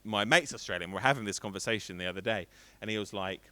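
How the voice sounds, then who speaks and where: A man's voice: lowish voice, fast, pushed and bright. A man in his thirties doing a rambling, self-deprecating stand-up set on a stream. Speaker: stand-up comedian.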